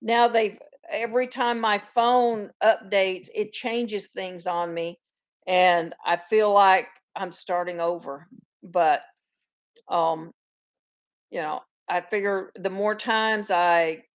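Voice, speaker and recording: A woman's voice: mid-range voice, fairly even intonation, slow. A woman hosting a casual live chat, telling long rambling stories and greeting viewers by name. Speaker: host of a live farm chat.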